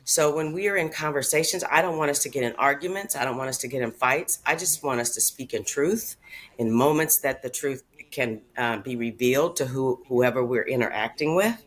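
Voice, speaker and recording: A woman's voice: extremely low pitch, brisk. A woman speaking earnestly and from the heart as a regular on a radio talk show, in casual conversation. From Chicago area. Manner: earnest, heartfelt, tearful at times.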